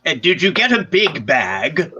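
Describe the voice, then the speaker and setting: A man giving a staged play reading as the affectionate companion of an aging actress, gently teasing and correcting her. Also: a little high, very animated, unhurried, breathy edge, highs cut off, heavily acted.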